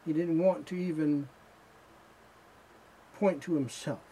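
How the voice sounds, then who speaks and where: A man preaches a sermon slowly and emphatically, with his fervor rising. His voice is gravelly and sits a little high for a man. A faint hiss runs underneath. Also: steady tone, dark tone, rough recording.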